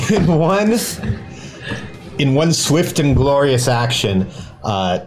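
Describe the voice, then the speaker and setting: A man's voice: mid-range voice, very animated, slow pace. A man joining a tabletop game remotely over a video call, speaking hesitantly. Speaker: player. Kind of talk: casual tabletop play.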